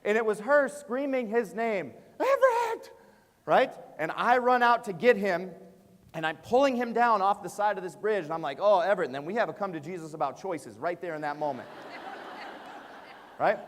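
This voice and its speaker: High-voiced man telling a story in a hall. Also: normal speed. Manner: animated storyteller, frequent "uh" and "right?". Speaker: education speaker and author. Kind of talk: storytelling keynote to teachers. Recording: long reverb of a large hall.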